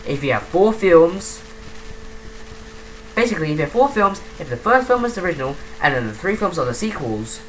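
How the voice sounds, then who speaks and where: Woman, low voice, animated, profane, rambling, mocking film review. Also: brisk, slight background noise, low-quality recording. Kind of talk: comedic rambling film rant.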